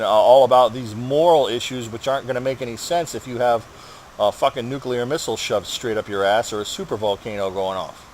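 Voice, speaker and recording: A man rambling through a personal update while he plays a game, in a mid-range voice. He swears freely and rants in a frustrated way. A faint air conditioning hum sits behind him. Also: medium pitch. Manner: profane, ranting, frustrated. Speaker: gaming channel host.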